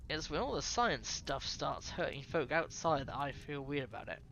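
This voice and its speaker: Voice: medium pitch, big pitch swings, moderate pace, creaky, a bit bright, muffled recording, slight background noise. A streamer voicing a young woman heroine from a visual novel in a casual, wry way. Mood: uneasy. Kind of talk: reading a visual novel aloud.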